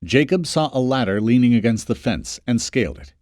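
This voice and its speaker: A man narrating an audiobook in a scripted, expressive reading. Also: mid-range voice, a little fast, no echo, studio quality.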